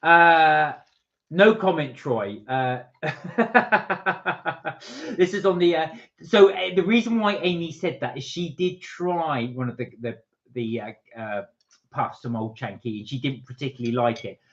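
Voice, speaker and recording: A man's voice: on the high side, a little slow, fairly bright tone. A man co-hosting a live stream, chatting casually and reading out viewer comments with jokes. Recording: dull lo-fi stream audio.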